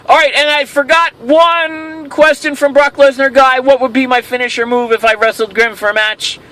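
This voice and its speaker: Man, very high pitch, bright tone, rambling vlog host, jokey, self-amused. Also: steady tone, normal speed. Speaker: host of a toy show. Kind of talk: casual question-and-answer vlog.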